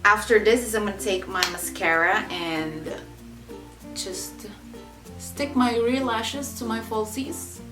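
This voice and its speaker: She speaks slowly in a mid-range voice, a young adult beauty vlogger giving a chatty makeup tutorial and doubling up words for emphasis. The recording sounds roomy and echoey, with faint music in the background.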